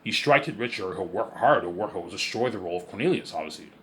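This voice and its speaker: A man's voice: deep voice, lively intonation, quick pace, fairly bright tone, slight background noise. A man rambling through a casual vlog monologue, repeating himself often and sounding boastful and sure of himself. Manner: repetitive, boastful, self-assured. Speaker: vlogger.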